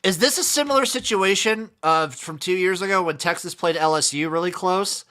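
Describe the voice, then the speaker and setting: A man hosting a casual sports podcast, running through scores with wry, deadpan remarks. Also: high-pitched, moderate pace. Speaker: podcast host.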